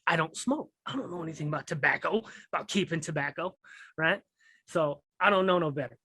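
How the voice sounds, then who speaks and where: A man on as a guest describes prison life, wandering through the story in casual street slang and often asking "you know what I mean." The pitch is fairly high, the pace fairly quick, and the tone pushed, bright, and slightly rough in a dry recording.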